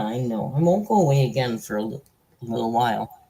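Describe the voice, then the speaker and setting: A woman's voice: very deep voice, lively intonation, brisk, warm tone, slightly rough, poor audio. A woman hosting a casual live stream from home. She chats freely, laughs often and coos at her pet. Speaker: livestream host.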